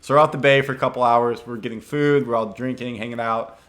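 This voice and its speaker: A man's voice: medium pitch, fairly even intonation, fast, fairly bright tone. A young man hosting a podcast, casually telling a dating story in a laid-back, slangy way with lots of filler words. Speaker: podcast host.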